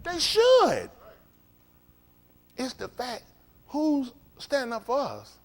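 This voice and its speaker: High, lively preacher man. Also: slow pace. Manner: emphatic, repetitive, call-and-response preaching. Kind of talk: fiery sermon.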